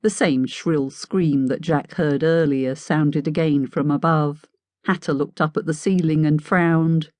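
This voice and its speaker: A woman narrating an audiobook in a wry, measured storytelling manner. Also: low-pitched, steady tone, a little mellow, no room sound. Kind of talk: scripted narration.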